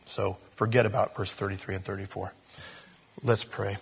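A man preaching a sermon, telling a story with animated, emotional delivery and ending in prayer. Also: lowish voice, normal speed, vocal fry, slight background noise. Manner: animated storytelling, whispers and laughs, prayerful close. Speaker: pastor.

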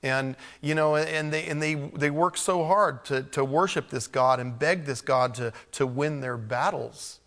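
A man teaching verse by verse from the Bible in a relaxed, conversational way, reading passages aloud and adding his own asides. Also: on the high side, unhurried, few pauses. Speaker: preacher.

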